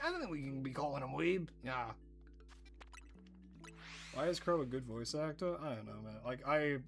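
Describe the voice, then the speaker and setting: Playful lower-pitched woman streamer. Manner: playful, drifts into mock-dramatic narration and whispers. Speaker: gaming livestreamer. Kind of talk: casual stream chat.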